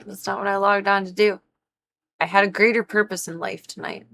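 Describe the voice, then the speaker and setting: Sleepy, gravelly-voiced female streamer. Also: medium pitch, fairly quick, a bit bright. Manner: rambling, chatty, many "like" fillers. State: sleepy, yawning, stuffy nose. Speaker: livestream host. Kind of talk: casual gaming stream chat.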